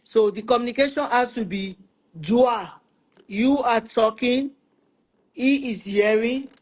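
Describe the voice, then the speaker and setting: A lively woman, talking through marriage problems on a Christian family live stream. She speaks in a conversational teaching tone and leans on repetition to drive her points home. She slips readily into the voices of husbands and wives as she gives examples. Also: a little high, takes it slowly. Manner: animated, acts out spouses' quoted lines; repeats words for emphasis. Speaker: host of a Christian family talk show.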